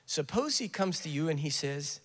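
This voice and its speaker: A man's voice: on the high side, very animated, normal speed. An older man preaching a sermon, telling stories and putting on voices for quoted speakers, with joking asides. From US South. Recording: echoey hall.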